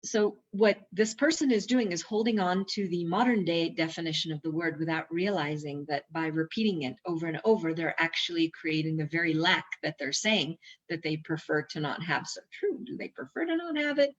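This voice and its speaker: A woman teaching personal growth, reading from a workbook and adding casual, digressive commentary with fillers and quick asides. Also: sits low, steady tone. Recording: dull lo-fi recording.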